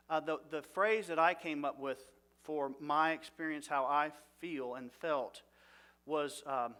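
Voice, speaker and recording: A man teaching a seminary class in a conversational way, often putting questions to his listeners and going soft and low for personal moments. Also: steady tone, slow pace, smooth. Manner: conversational, asks the audience questions. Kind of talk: seminary lecture.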